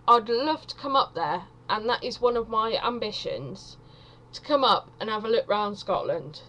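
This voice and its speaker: Woman from England, slightly high voice, unhurried, rambling self-deprecating stand-up. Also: a bit bright, poor audio. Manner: chatty, self-deprecating, wandering asides. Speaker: vlogger doing stand-up.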